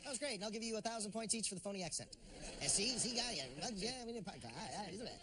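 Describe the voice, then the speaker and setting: A man's voice: high voice, very fast. A man hosting a game show, introducing games with jokes and chuckling between them. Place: television studio stage. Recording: studio with audience noise.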